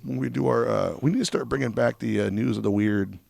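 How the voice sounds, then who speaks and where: A man's voice: medium pitch, a little fast, a little mellow. A man co-hosting a casual podcast, joking and teasing, his voice strained and crackly. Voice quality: gravelly. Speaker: podcast co-host. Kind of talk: casual chat.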